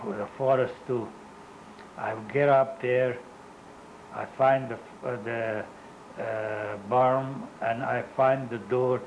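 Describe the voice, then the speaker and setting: This is a low-quality recording of an older Holocaust survivor giving testimony for an oral history project. He speaks medium-pitched, halting English that isn't his first language, frequently stopping to search for the right word, with a little hiss or hum underneath.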